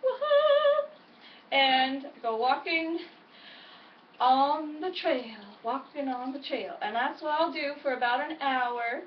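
Upbeat high-voiced Midwestern woman vlogging. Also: slow pace, a little hiss or hum. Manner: upbeat, chatty, encouraging. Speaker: weight-loss vlogger. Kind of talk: casual chatty vlog. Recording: echoey, distant, dull home recording.

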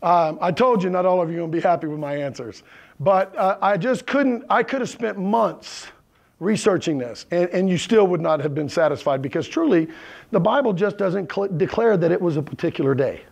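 A male pastor delivers a conversational sermon from the pulpit. His voice sits high for a man and has a gravelly, crackly texture, and he keeps pausing to check in with his listeners. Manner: checks in with the congregation, asking "right?" and "okay?". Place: church sanctuary with congregation.

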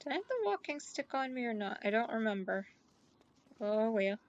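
A woman giving chatty let's play commentary, talking to game characters and gushing excitedly. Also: a little high, moderate pace, muffled recording. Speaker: gaming YouTuber.

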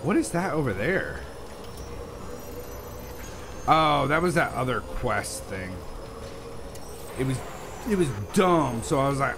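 A man giving casual, sarcastic let's-play commentary, animated and swearing often. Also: medium pitch, slow, pauses often, noisy background. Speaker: gaming video host.

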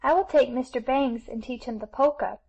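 A prim little girl playing at being the mother, earnest and a touch bossy, as a woman reads her. The voice sits a little high. The reading stays close to the narrator's own tone. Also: moderate pace, dark tone, breathy edge, lo-fi sound. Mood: stern.

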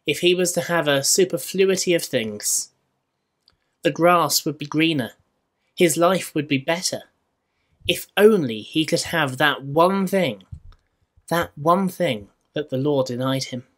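A man with a Scottish accent preaching a sermon in church, measured and rhetorical, with dry humour. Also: on the high side, fairly bright tone. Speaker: minister.

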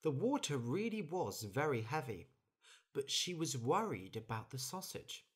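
A storyteller reading a children's story slowly and clearly for English learners. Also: medium pitch. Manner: clear, deliberate, expressive.

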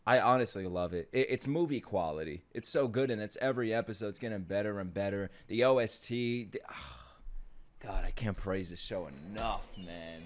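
A young man casually reacting to an anime, excitable, laughing and swearing, with loud bursts. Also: fairly low pitch, moderate pace.

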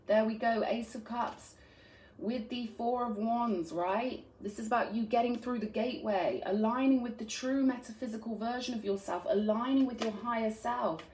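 A woman's voice: on the high side, normal speed, a little mellow, slight background noise. A woman giving an earnest, affectionate tarot reading, often checking in with "right?". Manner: earnest and affectionate, frequent "right?" tag questions. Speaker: tarot reader. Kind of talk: spiritual tarot reading to camera. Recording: roomy echo.

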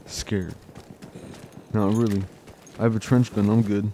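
A young man giving chatty gameplay commentary, excited and urgent at times. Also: fairly low pitch, unhurried. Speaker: gaming channel host. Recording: gunfire and game noise behind.

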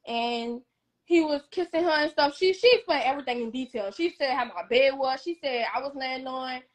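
A young woman telling a personal story on a live stream, animated and emphatic, acting out what others said. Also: sits high, moderate pace. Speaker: guest.

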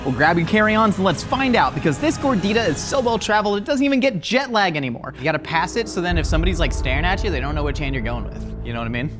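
Fast-talking joking male cooking host. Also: fairly high pitch, lively intonation, loud music behind the voice. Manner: jokey, fast-talking, playful. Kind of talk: casual cooking show banter. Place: studio kitchen.

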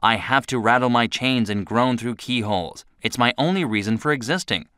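A man voicing a melancholy, lonely old male ghost who speaks in a quiet, low, dreamy way. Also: normal speed, no echo, clean studio sound, natural voice. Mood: weary.

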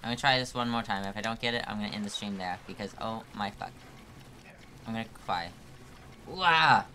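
Bright-voiced playful male streamer. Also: on the low side, fairly even intonation, fast, a little hiss or hum. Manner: playful, teasing, mock-dramatic complaining. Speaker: game streamer. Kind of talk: casual live-stream chat.

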